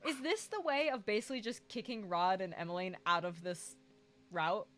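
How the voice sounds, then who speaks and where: A woman hosting a let's play, reading a visual novel's narration and lines aloud and chatting with a friend, animated with dry sarcastic asides. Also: mid-range voice, normal speed, soft background music. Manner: animated, laughs often, breaks into dry sarcasm.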